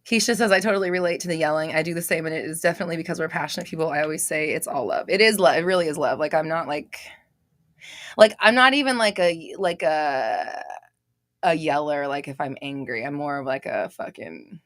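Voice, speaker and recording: A young woman hosting a casual live stream, reading out comments, loud and expressive, laughing often and swearing casually. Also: low voice, brisk, dry recording, clean studio sound.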